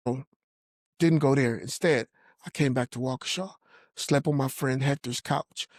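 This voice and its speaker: A man's voice: medium pitch, moderate pace, dry recording, clean studio sound. A man sharing a personal faith testimony in earnest storytelling, acting out the voices of people he quotes. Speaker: podcast guest telling his testimony.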